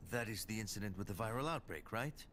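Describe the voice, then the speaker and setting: Joking Spanish ex-cop. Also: male voice, fairly low pitch, lively intonation, quick pace, a bit bright, slight background noise. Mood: teasing. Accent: put-on Spanish. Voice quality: playful, teasing. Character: flirtatious male Spanish ex-cop, joking and sly.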